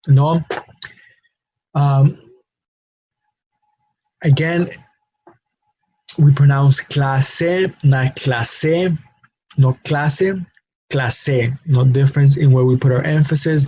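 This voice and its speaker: A man gives a patient lesson in a flat, mellow voice, repeating his points and checking in with a questioning "no?". The sound is dull and lo-fi, a little husky, with a dry close feel. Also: medium pitch, dry recording. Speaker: language teacher. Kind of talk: recorded classroom lesson.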